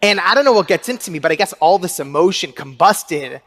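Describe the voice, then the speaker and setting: A young man in his twenties, an author telling a story to an audience, animated and acting out his own shouts. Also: high-pitched, fairly quick. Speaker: author and speaker.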